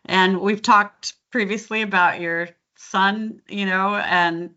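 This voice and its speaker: A woman's voice: medium pitch, fairly even intonation, slow, dull audio. A woman dialect coach in casual conversation, encouraging and upbeat. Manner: warm, encouraging, bright. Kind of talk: casual chat.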